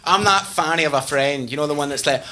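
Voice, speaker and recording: A man with a Glasgow Scottish accent doing stand-up, telling stories in an animated, laughing way. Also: a little high, fast, slight background noise. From Scotland. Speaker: stand-up comedian. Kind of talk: stand-up comedy. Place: comedy club stage.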